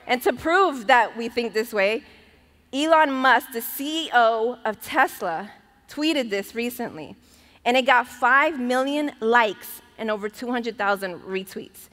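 A woman pastor preaches a sermon in a church auditorium, her voice fairly high, animated and slightly bright, moving at a somewhat slow pace. She speaks in a conversational yet emphatic way, laughing now and then. The recording carries the long reverb of a large church hall.

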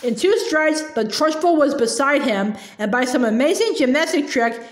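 A woman reading a children's storybook aloud with lively storytelling, in an echoey room. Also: high-pitched, normal speed. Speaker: reader.

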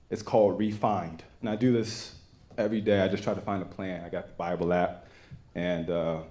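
A young man with a Texan accent giving an earnest, halting personal testimony to a church congregation. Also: on the low side, dark tone. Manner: earnest, halting, with many restarts. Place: church sanctuary.

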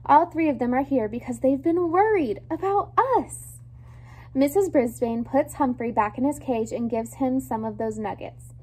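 A woman reading a children's chapter book aloud with expressive, lively storytelling. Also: high-pitched, normal speed, breathy edge. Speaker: storybook reader.

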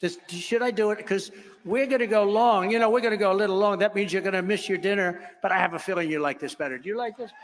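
An older man delivers an emphatic, repetitive rally speech full of conversational asides. His voice sits fairly high for a man. Long reverb from a large venue hangs on each phrase. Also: fast, hardly any pauses, a little hiss or hum. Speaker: political speaker.

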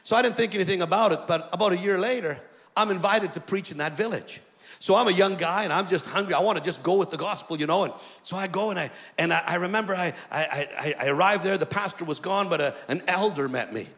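A man preaching a storytelling sermon. He is animated and acts out the dialogue in his stories. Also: high-pitched, fast talker. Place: church hall, indoors. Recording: long reverb in a large hall.

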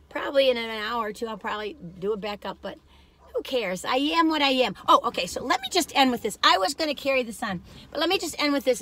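A woman's voice: fairly high pitch, pushed and bright. A woman chatting casually while driving in her car, rambling and poking fun at herself, her voice worn out. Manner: rambling, chatty, self-deprecating. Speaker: vlogger.

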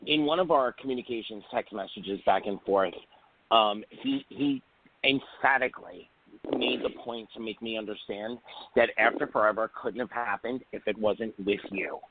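A man's voice: lowish voice, moderate pace, noisy background. A man hosting a radio interview, asking long, earnest, rambling questions. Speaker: radio show host. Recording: phone-like call line.

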